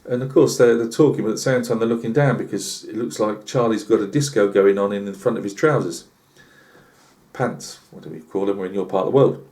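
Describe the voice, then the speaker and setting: A man's voice: lowish voice, brisk, a little mellow. A British man telling a rambling comic tall tale on his channel, full of asides and fillers. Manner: chatty, lots of asides and fillers. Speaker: channel host.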